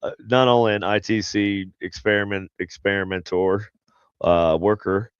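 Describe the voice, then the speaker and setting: A man's voice: lowish voice, fairly even intonation, moderate pace, smooth, no room sound, highs cut off. A man hosting a paranormal podcast, chatting casually and rambling with many fillers and restarts. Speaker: podcast host. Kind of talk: casual chat.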